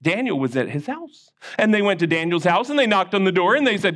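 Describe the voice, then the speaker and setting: A man giving a children's sermon, telling a Bible story with animated call-and-response to the kids. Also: high-pitched, fast. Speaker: children's minister.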